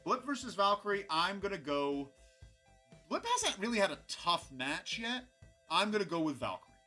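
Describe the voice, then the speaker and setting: Animated, bright-voiced young man rambling. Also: high-pitched, moderate pace, faint music behind. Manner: rambling, animated, chatty with frequent restarts. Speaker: host of a robot combat recap show. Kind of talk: casual livestream commentary.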